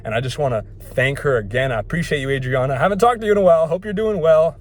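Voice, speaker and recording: A man's voice: on the high side, rapid-fire. A young man in a casual fitness vlog at home, rambling and joking at himself, recorded on a phone. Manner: rambling, jokey, self-deprecating. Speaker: fitness vlogger.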